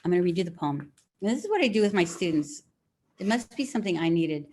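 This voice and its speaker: Woman, middle-aged, writing teacher, calm encouraging manner, slightly low voice, video call. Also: slight background noise. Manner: relaxed and encouraging, slows down to read poems aloud. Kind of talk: live call writing lesson with poem reading.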